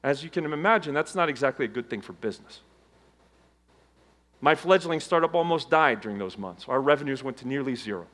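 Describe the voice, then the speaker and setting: A middle-aged man giving a motivational keynote on stage, telling his story with dramatic swings between loud emphasis and hushed low tones. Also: lively intonation, fairly quick. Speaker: keynote speaker. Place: conference stage before a live audience.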